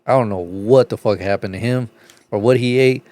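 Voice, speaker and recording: A man co-hosting a comedy podcast, telling crude stories in profane casual banter, laughing often and acting out other voices with big jumps in pitch. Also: fairly quick, darkish tone, no room sound. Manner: profane storyteller, laughs through his stories. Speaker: podcast co-host. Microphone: podcast studio mic.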